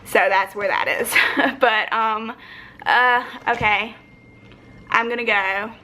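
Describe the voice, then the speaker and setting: Young woman, slightly high bright voice, reflective rambling home vlog. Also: steady tone, takes it slowly, a little hiss or hum. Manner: rambling, reflective, many filler likes. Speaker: vlogger. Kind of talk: casual personal vlog. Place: home, sitting on the floor. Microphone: phone or camera, battery low.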